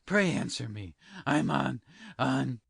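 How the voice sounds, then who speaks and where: A woman reading an audiobook, voicing a pompous male parish beadle in a slow, grave manner. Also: a bass voice, lively intonation, creaky, slightly rough, no echo, clean studio sound, pitched below the performer's own voice, exaggerated voice. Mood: pompous concern.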